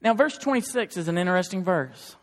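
High-voiced preacher in an echoing hall. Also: male voice, animated, brisk. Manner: earnest, emphatic, builds to forceful exhortation. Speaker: pastor. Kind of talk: sermon. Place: church sanctuary.

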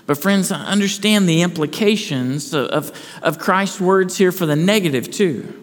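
A man's voice: sits high, moderate pace. A man preaching a sermon to his church, earnest, asking rhetorical questions and restarting phrases. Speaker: pastor. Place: church sanctuary. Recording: long hall reverb.

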